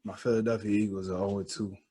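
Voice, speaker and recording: A man in casual podcast chat, easygoing and full of slang. His voice has a husky, slightly rough edge. He tells stories with animated asides. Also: fairly low pitch, quick pace. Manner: laid-back, animated storytelling with slang. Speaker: podcast co-host.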